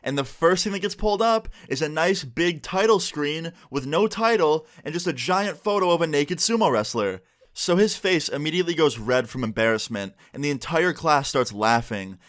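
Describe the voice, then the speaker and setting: A young man vlogging a storytime, telling it in a lively, animated way with swearing. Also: a little high. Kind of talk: storytime vlog.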